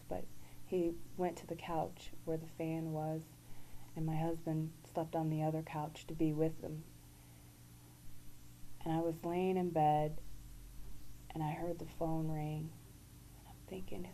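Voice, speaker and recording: A woman guest giving an earnest, halting personal testimony. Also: sits low, warm tone, slight background noise, rough recording.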